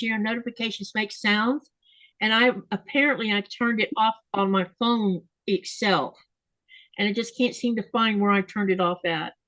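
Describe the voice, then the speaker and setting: A woman's voice: on the high side, a bit bright, no echo. A woman hosting a casual live chat, reading viewer comments aloud and laughing often. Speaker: live stream host.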